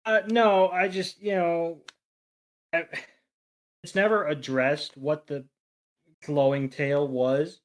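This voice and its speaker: Hesitant man with a higher voice. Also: little pitch movement, takes it slowly, long pauses. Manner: hesitant, with many restarts. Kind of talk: casual chat.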